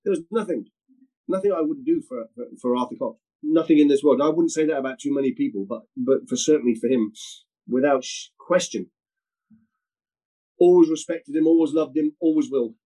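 A middle-aged man, a former footballer, telling lively anecdotes as a guest, often repeating words and slipping into quoted voices. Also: a little high, brisk, poor audio. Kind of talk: storytelling anecdotes in conversation.

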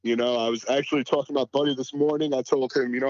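A man's voice: mid-range voice, steady tone, very fast, darkish tone, no echo, muffled recording. A man as a podcast guest in casual sports chat, laid-back and full of "you know" fillers.

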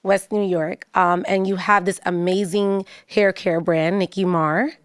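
A woman's voice: lowish voice, steady tone, unhurried, no echo, clean studio sound. A woman hosting a podcast, talking in a chatty, effusive way with plenty of ums and likes. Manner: effusive, chatty, filler-heavy. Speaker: podcast host. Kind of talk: casual chat.

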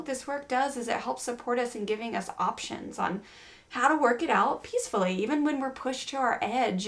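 Candid rambling woman podcast host. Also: a little high. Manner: candid, rambling, many fillers and restarts. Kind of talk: casual parenting podcast chat.

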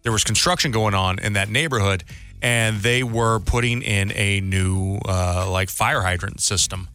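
A man co-hosting a podcast in casual chat, animated and rambling as he tells stories. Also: lowish voice, unhurried, clean tone. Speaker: podcast co-host.

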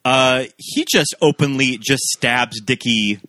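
A man's voice: mid-range voice, takes it slowly, sharp tone, dry recording. A man co-hosting a podcast, casually recapping movie scenes and quoting lines. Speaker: podcast co-host.

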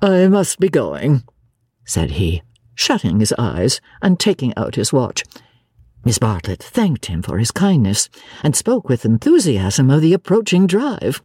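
A woman reads a classic novel aloud with theatrical expression, her voice husky and breathy with lively swings of pitch. The recording is close and dry. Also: a little slow, no echo. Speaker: narrator. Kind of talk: dramatic reading of a classic novel.

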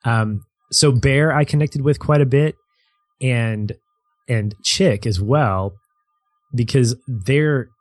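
A man's voice: medium pitch, takes it slowly, no echo. A man co-hosting a casual movie discussion, thoughtfully recalling scenes at length. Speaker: podcast co-host.

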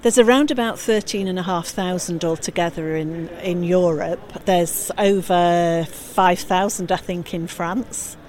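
A woman's voice: on the low side, darkish tone, a little hiss or hum. A woman speaking for a campaign group, answering interview questions firmly and setting the record straight, recorded outdoors. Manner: firm, quick to correct.

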